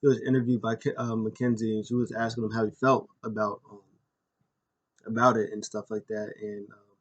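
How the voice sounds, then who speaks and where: A man's voice: lowish voice, flat delivery, normal speed, highs cut off. Rambling man recapping wrestling. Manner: rambling, many ums and uhs, self-correcting. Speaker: YouTube host.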